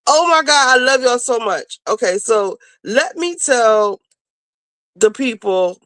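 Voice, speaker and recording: A woman hosting a casual livestream, chatting to viewers and getting loud and teary with excitement over new supporters. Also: on the high side, slow, dry recording. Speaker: livestream host.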